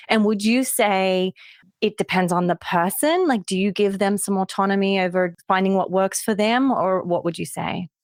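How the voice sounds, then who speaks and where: A woman's voice: lowish voice, no echo, studio quality. A woman hosting a podcast interview, asking questions enthusiastically with lots of "like". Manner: warm, enthusiastic questioning with many "like" fillers. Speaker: podcast host.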